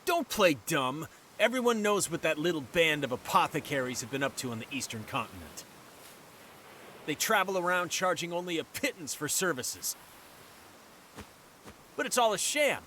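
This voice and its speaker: An actor voicing a hostile, excitable young male townsman in a video game, confrontational. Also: a little high, normal speed, pauses often, a little hiss or hum. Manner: confrontational, animated.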